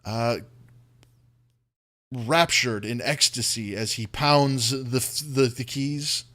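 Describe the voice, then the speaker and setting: A man's voice: mid-range voice, takes it slowly, pushed and bright. A man running a tabletop role-playing game as dungeon master, narrating scenes in vivid detail with frequent "uh" and "um" fillers.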